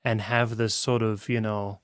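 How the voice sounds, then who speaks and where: A young South African man, a band frontman, chatting on a podcast in a calm, very relaxed way. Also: lowish voice, a little slow, no room sound, clean studio sound. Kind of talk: casual podcast chat.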